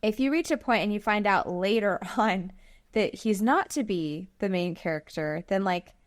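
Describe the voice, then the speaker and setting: A woman's voice: medium pitch, normal speed, no echo, studio quality. Chatty woman on a podcast panel. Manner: chatty, many "like" fillers, laughs often. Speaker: podcast co-host. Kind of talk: casual roundtable chat.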